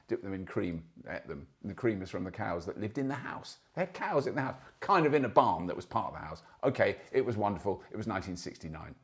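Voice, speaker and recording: A man in his sixties hosting a show, giving casual news commentary with chatty, anecdotal asides. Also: fairly low pitch. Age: 60s. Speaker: show host.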